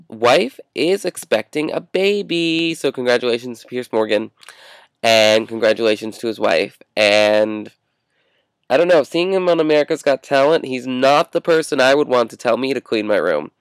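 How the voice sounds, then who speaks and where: A man's voice: mid-range voice, normal speed, clean tone, no room sound. A young man hosting his own vlog, chatting casually through news topics with rambling restarts and asides. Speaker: vlog host.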